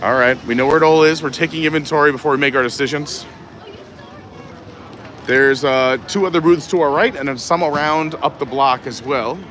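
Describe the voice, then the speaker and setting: Bright-voiced upbeat man vlogging outdoors. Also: on the high side, moderate pace, slight background noise. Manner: upbeat, reads menu boards aloud. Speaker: vlogger live-streaming a theme park. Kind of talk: casual walking commentary. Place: outdoor theme park festival.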